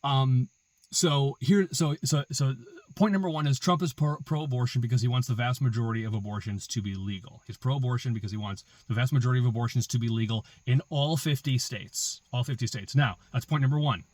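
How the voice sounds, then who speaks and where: A man's voice: mid-range voice, a little fast, a little mellow. A man hosting a political commentary show, arguing an opinion with emphatic repetition and rhetorical questions. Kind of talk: opinion monologue.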